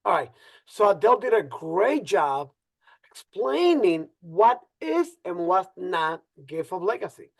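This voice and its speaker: A man with a Spanish-speaking accent co-hosting an online presentation on a video call, animated and fond of repeating his phrases. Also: sits high, unhurried, vocal fry. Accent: Spanish-speaking accent in English. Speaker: co-host presenter. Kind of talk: casual webinar presentation.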